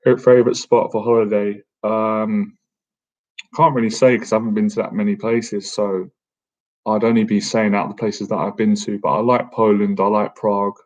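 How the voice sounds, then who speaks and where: A chatty, joking man in his thirties fields questions from his chat in a casual live-stream Q&A. His voice sits on the low side, and he keeps calling his viewers "man". The audio is dull and lo-fi, like a basic streaming setup. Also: little pitch movement, normal speed, a little mellow. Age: 30s. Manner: chatty and jokey, peppers sentences with "man". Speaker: boxing coach and livestream host.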